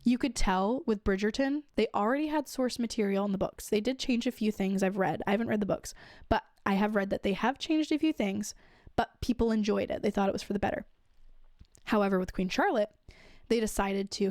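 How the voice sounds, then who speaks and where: A woman talking through her views on a show in a flat, dry delivery, worn down from a recent illness. Her voice sits at a mid pitch and is close and dry, with no room around it. She fills gaps with loose "um"s and "like"s. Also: moderate pace, no echo. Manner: frequent fillers like "um" and "like". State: recovering from illness. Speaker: podcast host reviewing a TV show. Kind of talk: casual opinion monologue.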